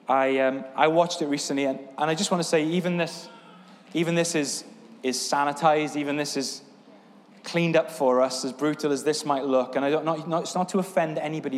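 A man's voice: a little high, in a large hall. A man preaching a sermon as pastor, earnest, with a repetitive, building cadence. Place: church sanctuary.

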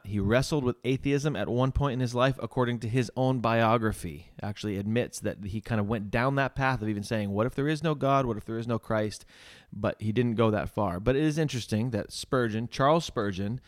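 A man co-hosting a podcast, chatting casually and reading quotes aloud with an animated, laughing manner. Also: on the low side, no room sound, clean studio sound. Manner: animated, laughs often, reads quotes with flair. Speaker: podcast co-host.

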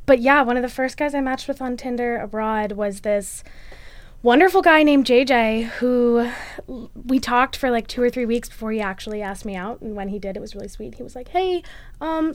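A woman's voice: fairly high pitch, dry recording. A young woman and college student, chatting animatedly through a personal story for a podcast, with lots of "like". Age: young adult. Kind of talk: storytelling interview.

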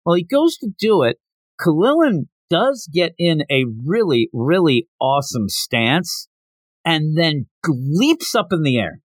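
Animated man recapping a comic. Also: on the high side, slow pace, dry recording. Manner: animated, acts out quotes. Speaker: podcast host.

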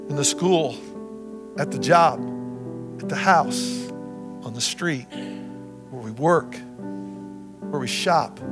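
A man preaching a sermon as pastor, repeating phrases and swinging from loud to soft. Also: a little high. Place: church sanctuary. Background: guitar music.

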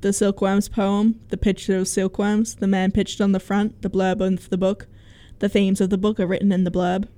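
A young woman co-hosting a casual book chat, reading reviews aloud with quick asides. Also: mid-range voice, level tone, warm tone, no room sound.

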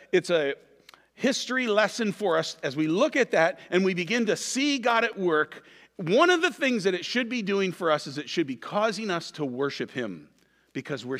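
A man preaching a sermon as pastor, animated and conversational, with frequent asides to the congregation. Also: high-pitched, normal speed, in a large hall.

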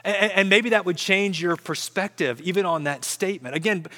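A man's voice: high voice, fairly quick, pushed and bright, big-room sound. A man preaching a sermon as pastor, earnest, often repeating words as he builds up.

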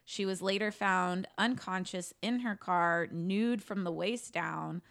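A woman's voice: medium pitch, slow pace, vocal fry, fairly bright tone. A woman telling a true-crime case to her co-hosts in a casual, chatty way, swearing now and then and saying "like" a lot. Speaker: podcast co-host telling a case.

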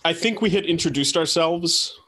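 A man chatting as a player in a tabletop role-playing game, halting and often correcting himself. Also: on the high side, a bit bright. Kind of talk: casual tabletop game chat.

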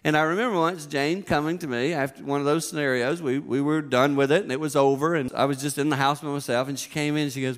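A middle-aged man delivers a sermon, his voice sitting a little higher than most men's. He tells personal stories with lively energy, and his voice climbs toward shouting whenever he acts out a heated argument. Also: quick pace, few pauses. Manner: animated storytelling, voice climbing to near-shouts when acting out arguments. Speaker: pastor.

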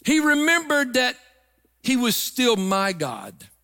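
A man's voice: very high-pitched, huge pitch swings, takes it slowly, bright, forceful tone, smooth, in a large hall. A middle-aged man preaching a sermon, emphatic and rising into sung phrases. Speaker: pastor.

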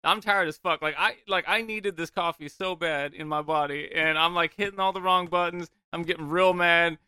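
Male podcast co-host, high bright voice, dry close sound, profane animated storyteller. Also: moderate pace, smooth, no echo. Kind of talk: casual chat.

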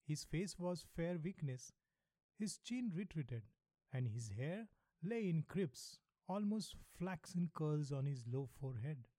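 A man reads a novel aloud in the first person, measured and matter-of-fact. His voice sits a little high but stays soft and mellow, and the recording is close and dry. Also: expressive, dry recording. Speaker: audiobook narrator.

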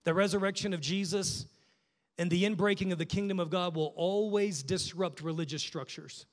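A male pastor preaching a sermon with passion, swinging from loud urging to hushed prayer. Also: high voice, moderate pace. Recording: long hall reverb.

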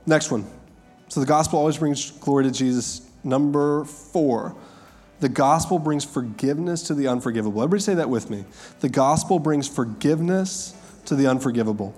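A man, preaching a conversational sermon with emphatic, slowed-down lines. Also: on the high side, a little mellow, faint music behind. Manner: conversational, laughing asides, emphatic slow repeated lines. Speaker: pastor.

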